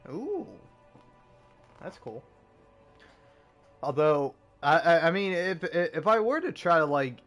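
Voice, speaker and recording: Gravelly-voiced man in his forties. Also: medium pitch, fairly bright tone. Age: 40s. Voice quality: gravelly, smoker's voice. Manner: rambling, self-mocking, profane. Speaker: game streamer. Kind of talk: casual gameplay commentary.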